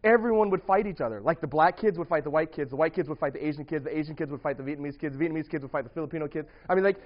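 A young man with a slightly high voice tells a rambling story to a few friends, laughing often and restarting his sentences. The recording is muffled and lo-fi, with the top end dulled. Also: very fast. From grew up partly in the US Midwest. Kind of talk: casual storytelling to a small group.

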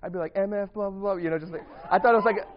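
A young man with a slightly high voice tells a rambling story to a few friends, laughing often and restarting his sentences. The recording is muffled and lo-fi, with the top end dulled. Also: rapid-fire. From grew up partly in the US Midwest. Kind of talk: casual storytelling to a small group.

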